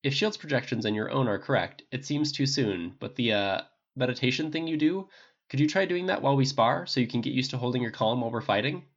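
A reader playing a brisk, earnest male captain. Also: mid-range voice, lively intonation, lo-fi sound. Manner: polite, commanding, brisk.

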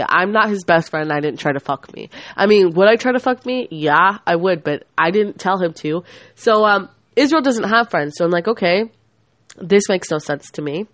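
Here a woman in her twenties, medium-pitched and without echo, uses her podcast to vent. The monologue is casual yet furious, swearing-laden and rambling, with frequent self-interruptions mid-sentence.

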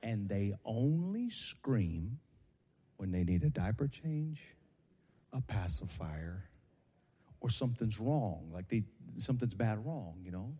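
A male pastor preaching a sermon to his congregation on a handheld microphone, building from slow teaching into shouted, sung cadences. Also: lowish voice, lively intonation, breathy edge, big-room sound. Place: church sanctuary.

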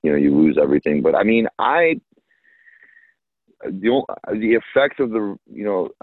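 A man with a very low voice chats casually, relaxed and joking, his sentences trailing into fillers. The sound is tinny and phone-like, dry with no room around it. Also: moderate pace, dry recording. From United States. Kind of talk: casual chat.

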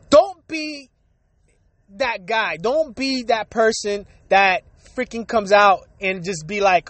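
Solo podcast host, male, very high pitch, angry and foul-mouthed, repeats himself, a cold lingering, dry close mic. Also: a little slow, no echo. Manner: profane, heated, repetitive. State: recovering from a cold, coughing. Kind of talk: solo rant.

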